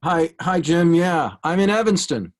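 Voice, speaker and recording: Brief: man, slightly high voice, tribute speaker on video call, anecdotal. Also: animated, measured pace. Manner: warm anecdotal delivery with light laughs. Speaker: memorial speaker, former student. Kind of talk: heartfelt tribute speech.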